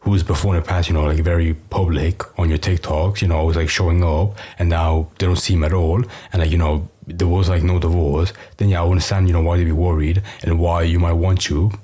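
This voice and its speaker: A British man with a very low, dark voice co-hosts a reaction commentary. He sounds hoarse and husky and talks bluntly, with lots of casual fillers. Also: level tone, fairly quick, few pauses. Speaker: co-host.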